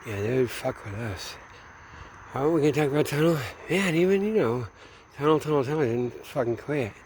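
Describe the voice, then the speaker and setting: A man's voice: medium pitch, lively intonation, brisk, a little mellow, a little hiss or hum. Rambling, profane man talking late at night. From Minneapolis, USA. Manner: meandering, profane, trailing off often. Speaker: vlogger.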